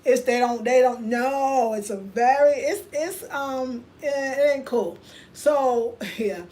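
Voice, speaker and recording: A woman's voice: sits high, slow pace, poor audio. An American woman with an African American English accent, telling stories in a casual vlog and acting out other people's lines. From United States. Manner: animated, acts out other people's voices in quotes. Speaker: vlogger. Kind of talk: casual storytelling monologue.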